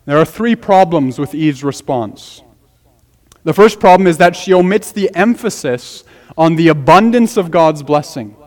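A man's voice: a little high, expressive, unhurried, a little mellow. A man preaching an expository sermon as pastor, earnest and emphatic, repeating key phrases for weight. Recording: long hall reverb.

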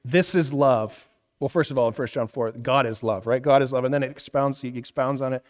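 A man's voice: medium pitch, a little fast. A man in his thirties, a pastor preaching a conversational sermon, asking the room questions and often checking in with "right?". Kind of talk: interactive sermon teaching. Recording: reverberant hall.

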